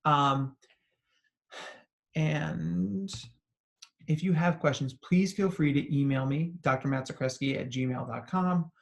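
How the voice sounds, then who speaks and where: A man's voice: on the high side, slow pace, gravelly, pauses often. Earnest man presenting a remote talk. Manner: conversational storytelling, often adds "right?"; earnest and encouraging. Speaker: psychologist giving a talk to educators. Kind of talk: recorded presentation with slides. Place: remote talk, not in person.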